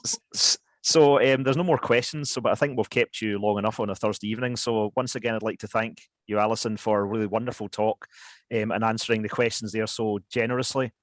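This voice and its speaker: A man hosting an online question session, halting and apologetic with many fillers. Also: on the low side, steady tone, no echo. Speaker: event host. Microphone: video call.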